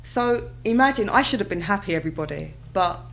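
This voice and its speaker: Animated British woman telling her story. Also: mid-range voice, brisk, gravelly. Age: adult with children. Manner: animated storytelling, acts out her own past reactions. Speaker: guest. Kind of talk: casual interview.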